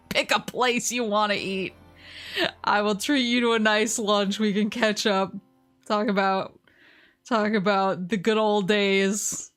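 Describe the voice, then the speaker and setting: A woman vtuber chatting casually on stream, telling a long rambling story, laughing often and quoting people in lively voices. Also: medium pitch.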